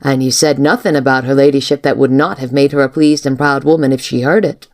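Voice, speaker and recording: A woman reading the lines of a calm, dutiful young female servant in a storybook, pitching her voice a little higher. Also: brisk. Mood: argumentative.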